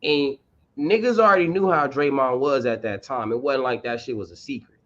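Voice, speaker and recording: A man's voice: mid-range voice, normal speed, fairly bright tone, highs cut off. A man co-hosting a casual sports podcast, blunt and full of slang as he argues his point. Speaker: podcast co-host.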